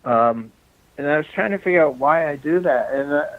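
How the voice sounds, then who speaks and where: A man's voice: fairly high pitch, a little fast, no echo. An older man spins long, rambling anecdotes in a casual interview, breaking into small chuckles and restarting his sentences. He is slightly out of breath from walking around as he talks, and he comes through a thin, tinny phone line with no room sound around him. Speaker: film director guest. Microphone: phone call.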